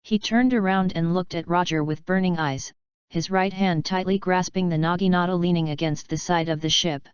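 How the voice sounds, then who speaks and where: A woman reading a fanfiction audiobook aloud in a steady, even narration. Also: on the low side, normal speed, smooth, dry recording, highs cut off. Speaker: audiobook reader. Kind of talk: scripted narration.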